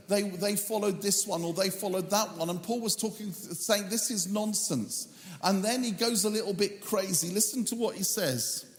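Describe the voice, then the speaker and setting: Man preaching in a reverberant hall. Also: sits high. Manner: humorous asides between scripture readings; reads scripture in a measured, drawn-out cadence. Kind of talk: sermon. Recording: echoey hall with long reverb.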